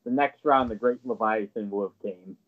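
A man's voice: lowish voice, normal speed. Game master man on muffled audio. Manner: brief prompting questions. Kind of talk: running a tabletop game.

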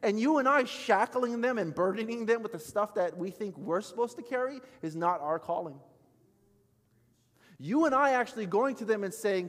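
A man in his thirties preaching a sermon as pastor, telling a story with acted-out quotes and swinging between loud and soft. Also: sits high, big pitch swings, normal speed, in a large hall. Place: church sanctuary.

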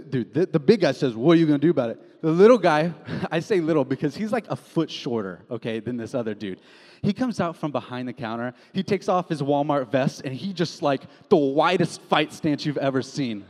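Animated young preacher man in a reverberant hall. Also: a little high. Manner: casual and animated, storytelling with slang. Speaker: pastor. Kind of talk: sermon.

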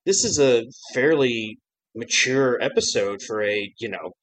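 Male podcast co-host, conversational and lively, mid-range everyday voice. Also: medium pitch, unhurried, low-quality recording. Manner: animated, laughing, fond of acting out lines. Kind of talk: casual discussion.

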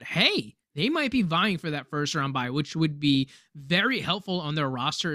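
A man on a casual podcast, ranting with a lively, swooping delivery. His voice is bright and tense, and the recording is dry and close. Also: dry recording. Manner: animated, ranting, swears a lot; mimics others in a high, mocking voice. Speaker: podcast co-host. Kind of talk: casual chat about fantasy football.

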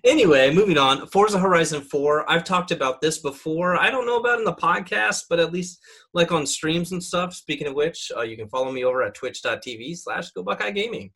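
A young man with a bright, forceful voice chats loosely through a bracket of video games, stopping often on ums and likes. He sounds opinionated and relaxed, like a streamer talking off the cuff. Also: on the high side, brisk, breathy edge. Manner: rambling, filler-heavy, opinionated. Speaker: gaming podcaster and streamer. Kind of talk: casual chat.

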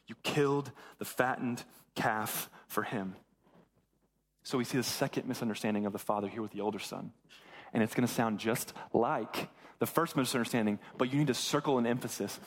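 A young man preaching a sermon as pastor, retelling a Bible story in casual slang and acting out the characters' lines. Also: medium pitch. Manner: animated storytelling with acted-out voices and casual slang.

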